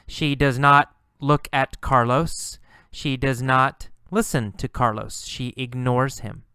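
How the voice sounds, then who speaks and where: A man's voice: mid-range voice, sharp tone, smooth, no room sound, studio quality. A man teaching English, patiently explaining words and repeating simple example sentences. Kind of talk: slow, repetitive lesson narration.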